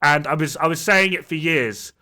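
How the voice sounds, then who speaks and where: Guy streamer ranting, fed up and sarcastic, kinda high bright voice. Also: moderate pace. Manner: exasperated, sarcastic, swears freely. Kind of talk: casual gameplay rant.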